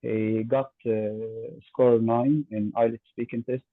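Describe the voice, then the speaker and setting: A man's voice: medium pitch, level tone, no echo. Male student on a tinny line. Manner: halting, stops to search for words. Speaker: adult student. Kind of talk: class discussion. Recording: dry, tinny phone-like line.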